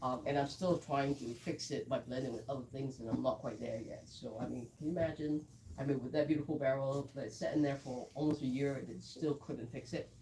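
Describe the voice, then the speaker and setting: A woman's voice: rumbling low, fairly even intonation, a little fast, mellow, distant mic, a little hiss or hum, low-quality recording. A woman who blends whiskey, chatting through a live tasting and telling stories with quoted asides.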